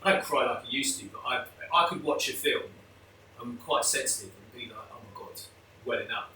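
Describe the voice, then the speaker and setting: A man's voice: medium pitch, lively intonation, fairly quick, bright, forceful tone, a little hiss or hum. A man talking openly and emotionally as a guest, with many restarts. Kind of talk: candid conversational interview. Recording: echoey room, mic at a distance.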